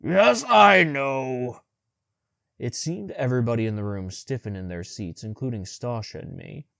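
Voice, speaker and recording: A man narrating a young adult audiobook in the first person with steady, measured storytelling. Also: lowish voice, no room sound, studio quality.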